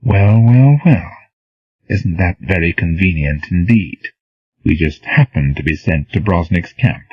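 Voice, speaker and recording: A man's voice: low-pitched, animated, a little slow, slightly rough, no room sound, full character voice. A man voicing a sarcastic, distrustful young male officer with a scornful, suspicious manner, in a storybook reading. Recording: dull, dry, lo-fi.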